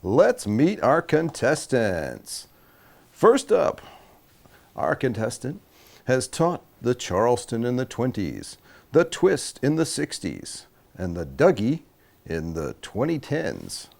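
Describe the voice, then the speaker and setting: A man's voice: medium pitch, huge pitch swings, slow pace, vocal fry, darkish tone. A young man hosting a comedy game show in a showy announcer style. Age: young adult. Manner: showy, swooping announcer delivery.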